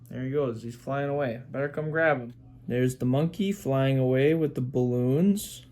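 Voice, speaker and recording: A man's voice: mid-range voice, normal speed, darkish tone, slight background noise. A man reading a picture book aloud to his young daughter, pointing out pictures and making animal sounds.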